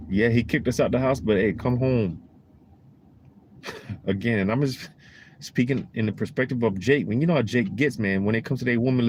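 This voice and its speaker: A man's voice: medium pitch, a little mellow, a little hiss or hum. A man giving a casual preaching monologue in a rambling, emphatic, slangy way, full of "you know" and "man.".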